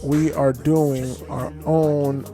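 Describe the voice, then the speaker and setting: A man with a New Jersey accent co-hosting a podcast in relaxed, slangy chat. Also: on the high side, drawn-out words, soft background music. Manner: laid-back, slangy and chatty. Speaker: podcast co-host. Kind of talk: casual chat.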